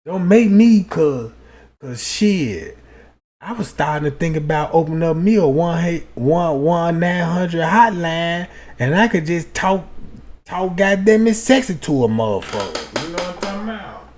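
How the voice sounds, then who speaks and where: A man's voice: a little high, lively intonation, a little slow, darkish tone. A man from the United States telling stories to his livestream chat in a loose, profane way, laughing often and checking in with his listeners. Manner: keeps asking "you know what I'm talking about". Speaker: livestream host. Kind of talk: casual livestream storytelling to chat.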